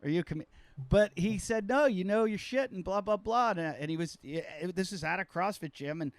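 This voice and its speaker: A man's voice: high-pitched, a little fast, no echo. A man hosting a podcast as a comedian, telling rambling, self-mocking stories in casual chat.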